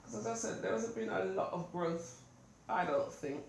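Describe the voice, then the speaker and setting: A woman from the UK, nursing a cold, talks casually to her camera in a relaxed, rambling way, filling gaps with ums. Her voice sits at an ordinary middle pitch. The room around her is echoey with a faint hiss. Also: normal speed, vocal fry. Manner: chatty and rambling, many ums. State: has a cold. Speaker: vlogger. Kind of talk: casual hair update vlog. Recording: roomy home recording.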